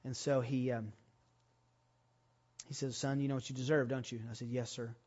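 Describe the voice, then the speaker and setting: A man preaching a sermon, telling a personal story and rising to loud, emphatic preaching. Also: mid-range voice, little pitch movement, normal speed, slightly rough, lo-fi sound. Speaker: pastor.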